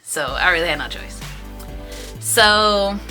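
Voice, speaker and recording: A beauty vlogger in her thirties shares a personal story in a casual vlog, animated and raising her voice to act out the other people in it. Her voice is bright and clear yet on the low side, and she talks slowly. Faint music plays underneath.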